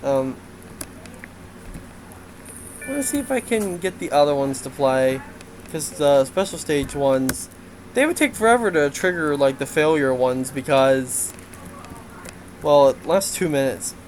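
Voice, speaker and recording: A man's voice: on the high side, animated, moderate pace, a little hiss or hum, poor audio. A man giving a casual game development update, rambling with lots of fillers and frequent laughs.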